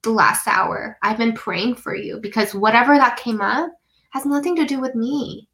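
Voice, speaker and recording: A woman from the United States, a guest in a conversation, telling a personal story earnestly, with frequent "um" and "like" and some slowed phrases for emphasis. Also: a little high, fairly bright tone, rough recording.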